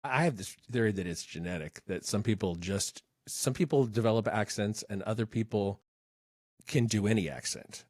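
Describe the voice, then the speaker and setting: A man's voice: lowish voice, normal speed, a little mellow, no echo, studio quality. A man hosting a podcast, chatting casually and tossing in wry jokes. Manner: wry, joking asides. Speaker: podcast host. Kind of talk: casual interview chat.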